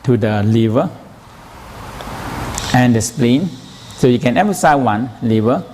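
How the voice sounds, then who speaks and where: A man's voice: medium pitch, animated, takes it slowly, noisy background. Man teaching in broken English. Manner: broken English, repeats phrases, asks "you know?". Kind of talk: teaching a massage workshop.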